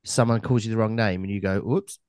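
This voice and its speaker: A man hosting a podcast, telling rambling anecdotes with deadpan punchlines in casual chat. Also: lowish voice, quick pace, smooth, no echo.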